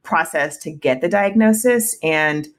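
A woman's voice: deep voice, unhurried. A woman in her thirties talking candidly as a podcast guest, emotional at times, with frequent restarts and laughs. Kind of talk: casual interview conversation.

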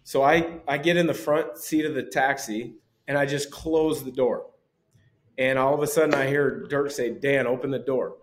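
A man in his forties, a former pro basketball player, telling lively anecdotes as a podcast guest and chuckling often. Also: medium pitch, moderate pace. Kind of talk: casual storytelling.

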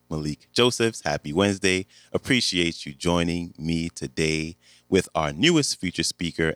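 A man's voice: low voice, fairly bright tone, no room sound. A man introducing a guest speaker as host of a show.

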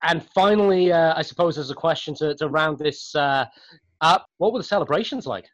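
A man's voice: a little high, brisk, dull audio. A man hosting a casual podcast reunion, chatty and stumbling over his words as he asks questions. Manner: chatty, stumbling, laughs often. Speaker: podcast host.

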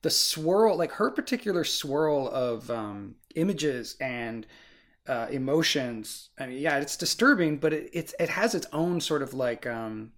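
A man's voice: mid-range voice, lively intonation, a little slow, fairly bright tone. A man co-hosting a casual book discussion podcast, rambling with many "like" and "you know" fillers. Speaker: podcast co-host.

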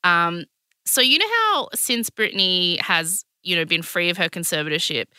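A woman co-hosting a podcast, chatting in an animated way with lots of fillers. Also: on the low side, moderate pace, smooth, dry recording, clean studio sound. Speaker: podcast co-host. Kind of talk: casual chat.

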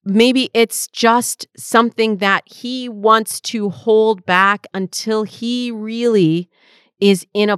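A woman's voice: medium pitch, smooth, no echo, clean studio sound. A woman in her forties hosting an advice podcast, answering listener questions as a dating coach in a reflective, conversational way.

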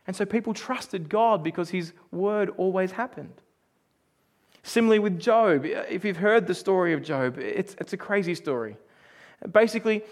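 Young guy preaching with a high voice, animated, gets quiet and slow reading scripture. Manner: animated, acts out quotes with sudden shouts. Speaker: pastor. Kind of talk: sermon.

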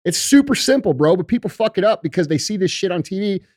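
A man's voice: high voice, expressive, fast talker, a little mellow, dry recording, clean studio sound. A man on a podcast talking about leadership in an intense, fiery way, swearing often and calling people bro and dude. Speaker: podcast guest. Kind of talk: casual podcast interview.

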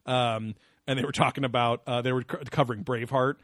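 A man talking at an everyday pitch in loose, meandering podcast chatter. He swears a lot, laughs easily, and drifts between tangents. The sound is dry, with no room around it. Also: fairly even intonation, fast, fairly bright tone, no room sound. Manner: rambling, profane, laughs often. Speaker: podcast host. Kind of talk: casual banter.

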